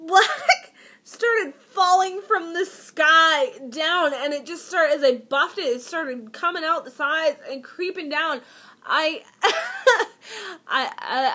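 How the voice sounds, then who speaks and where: A young woman chats to her viewers at home, spinning a self-mocking, giggly story about her makeup. Her voice sits high and sounds bright and a little sharp. She plays her own panic up for laughs and talks like she is talking with friends. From Canada. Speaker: beauty vlogger. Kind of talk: casual haul storytelling to camera.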